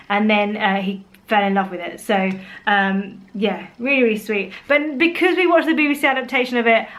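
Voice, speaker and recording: A young woman chatting casually about her favourite bedtime picture books, animated, with playful put-on voices. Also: medium pitch. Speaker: vlogger reviewing children's books. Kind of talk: casual chat.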